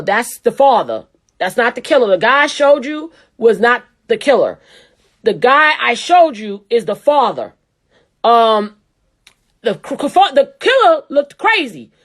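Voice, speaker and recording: A woman host, ranting bluntly and profanely. Her fairly high voice leaps all over the place as she lectures. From New York. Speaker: show host. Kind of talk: ranting commentary.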